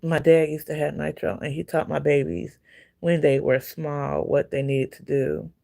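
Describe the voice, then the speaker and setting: A woman's voice: deep voice, flat delivery, normal speed, gravelly, warm tone. A woman hosting a casual livestream, telling a long personal story in a rambling, repetitive way with many fillers and breaking off to greet viewers by name. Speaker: livestream host.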